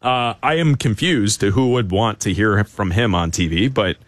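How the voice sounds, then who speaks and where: A man's voice: fairly low pitch, moderate pace, no echo. A man hosting a live sports talk radio show, bantering sarcastically with his co-host from a studio.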